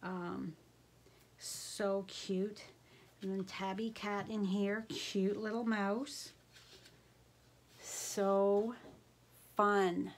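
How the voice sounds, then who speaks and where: A middle-aged woman in casual chat, gushing over everything she shows and easily delighted. She speaks at an unhurried, leisurely pace in a voice of ordinary middle pitch. A faint hiss sits under her voice. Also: flat delivery. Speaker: craft vlogger.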